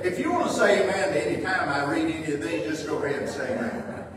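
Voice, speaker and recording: Man, pastor, high voice, emphatic sermon, long hall reverb, faint room noise. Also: expressive, fast, fairly bright tone. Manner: emphatic preaching, acts out quoted voices, reads scripture aloud. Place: church sanctuary. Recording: echoey hall, heard from a distance.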